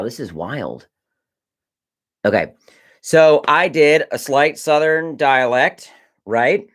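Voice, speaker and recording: A man's voice: medium pitch, a bit bright. A man in his forties from Maryland, telling rambling stories in casual chat and correcting himself as he goes. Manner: rambling, self-correcting storyteller. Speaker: host, director and former child actor.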